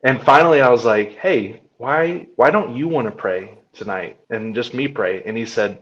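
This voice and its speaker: A young man co-hosting a podcast chats casually, telling family stories and acting out his son's lines. His voice is medium-pitched and moderately paced, and the audio sounds dull.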